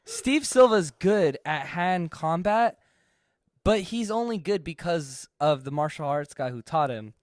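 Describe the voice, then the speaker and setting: A man's voice: on the high side, animated, unhurried, no echo, clean studio sound. A young man co-hosting a podcast in laid-back, rambling casual banter. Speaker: podcast co-host.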